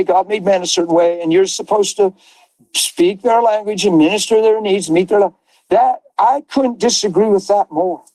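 A man's voice: high-pitched, darkish tone, no room sound, poor audio. A man preaching Christian teaching in a conversational way. He is emphatic and repeats phrases for stress. The recording is dry and close.

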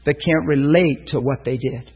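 A man's voice: mid-range voice, normal speed, darkish tone, breathy edge, dull audio. A man preaching a sermon, telling a story and acting out the voices of the people in it. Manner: storytelling, acts out voices in quotes.

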